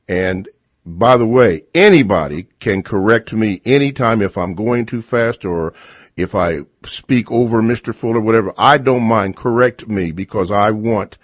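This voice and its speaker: A man hosting a call-in radio show, reading out listener emails slowly with many fillers. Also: fairly low pitch, no room sound. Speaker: radio host.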